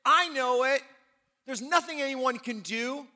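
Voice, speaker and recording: A man's voice: very high voice, unhurried, sharp tone, pitched above the performer's own voice, heavily acted. A man voicing a condemned prisoner who is resigned to dying that day. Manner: resigned, matter-of-fact.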